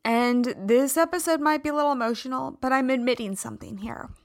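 A woman's voice: high voice, brisk, dry recording, clean studio sound. A woman hosting a podcast, telling a personal story in a candid, emphatic, confessional way. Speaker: podcast host.

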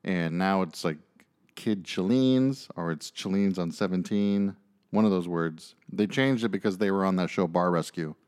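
A man's voice: sits low, normal speed, a little mellow, smooth. A man co-hosting a podcast, telling stories in casual chat with lots of fillers and jokey asides. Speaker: podcast co-host.

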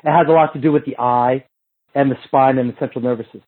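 A man, a movement coach, telling a casual story in an animated, profane way and acting out what other people said. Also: mid-range voice, fast, narrow, tinny audio.

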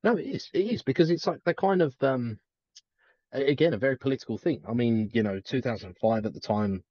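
A young man co-hosting a casual podcast chat, telling stories animatedly and jumping into high-pitched impressions of characters. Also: brisk, dry recording, highs cut off. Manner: animated storyteller, mimics characters with sudden high pitch jumps. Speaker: podcast co-host.

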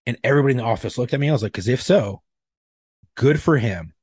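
A man's voice: mid-range voice, quick pace, darkish tone, breathy edge, no echo, clean studio sound. A man in his thirties co-hosting a podcast, telling a story in blunt, profane casual chat. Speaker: podcast co-host.

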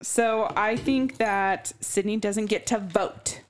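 A woman's voice: mid-range voice, slow. A woman co-hosting a podcast, chatting casually and bluntly about a book, laughing often. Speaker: podcast co-host. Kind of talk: casual book club chat.

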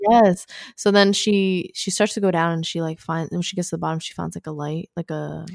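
Young woman podcast cohost, rambly and chatty, lowish voice, dry close sound. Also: level tone, fairly quick, creaky, darkish tone, dry recording. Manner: chatty, rambling, trails off and restarts, lots of "like". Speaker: podcast co-host. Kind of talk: casual chat recapping a film.

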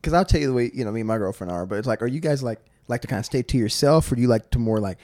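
Young male guest, casual chat, lively and talkative, dry close-mic. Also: medium pitch, rapid-fire, dry recording. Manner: animated, storytelling, says "you know" often. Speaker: podcast guest.

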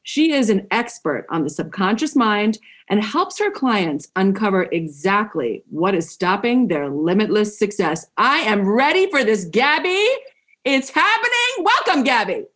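A woman's voice: medium pitch, very animated, a little slow, a bit bright. A woman hosting a podcast, enthusiastic and motivational, reading an intro and then chatting with a guest. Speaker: podcast host. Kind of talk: upbeat podcast intro and interview.

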